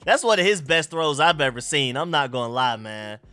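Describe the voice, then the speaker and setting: A man's voice: mid-range voice, expressive, moderate pace, sharp tone, clear, resonant tone, no echo, soft background music. A young man hosting a live sports reaction stream, hyped and slangy, repeating himself as he reacts to the game. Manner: hyped, repeats phrases, slangy street talk.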